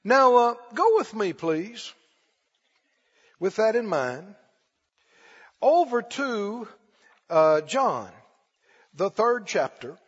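A man preaching a sermon, emphatic, often shouting and repeating phrases. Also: sits high, very animated, drawn-out words, pauses often, husky, big-room sound, lo-fi sound.

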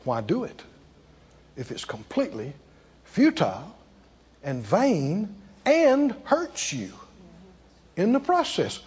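A preacher, a man with a high, lively voice that swings from hushed to loud. He talks in rhetorical questions, and his voice has a husky edge. The recording is dull and carries the long echo of a large hall. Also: takes it slowly, pauses often. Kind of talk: sermon.

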